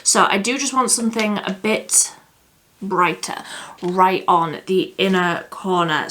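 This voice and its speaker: Young woman doing a makeup tutorial, slow easy talk, chatty, laughs at herself. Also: medium pitch, fairly bright tone. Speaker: beauty vlogger. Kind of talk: casual makeup tutorial chat.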